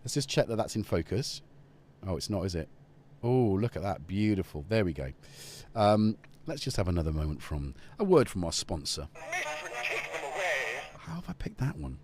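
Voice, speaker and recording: A man's voice: low voice, sing-song, normal speed, pauses often, background noise. A man hosting a casual live stream, joking and rambling off topic at a studio mic. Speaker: livestream host. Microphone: studio dynamic mic.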